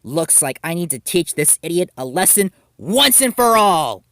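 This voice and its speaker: A hot-tempered, two-faced teenage girl, put on by a man, lifted pitch and lively swings. Close, dry storybook sound. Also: moderate pace, no room sound. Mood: furious. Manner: snapping, shouting.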